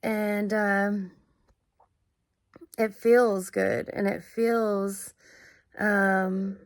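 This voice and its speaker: A young woman talking about her own experiences in a halting, earnest way, full of fillers and restarts. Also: medium pitch, level tone, dry recording. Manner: earnest and searching. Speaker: vlogger. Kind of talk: casual personal monologue.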